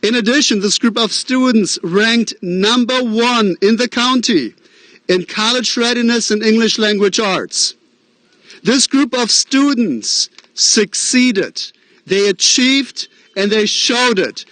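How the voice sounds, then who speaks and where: A man with a Midwestern American accent delivers a principal's welcoming address at a graduation ceremony. His voice sits notably high, and the recording is dry and close. He talks in an earnest, encouraging way, with fillers and self-deprecating asides. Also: slow, a bit bright, no echo. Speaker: school principal. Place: outdoor drive-in graduation ceremony.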